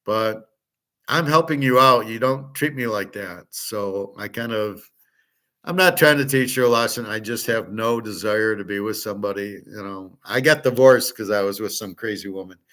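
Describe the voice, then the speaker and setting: A man's voice: lowish voice, moderate pace, bright, forceful tone. A middle-aged man hosting a casual monologue, rambling and blunt, swearing freely. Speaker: host.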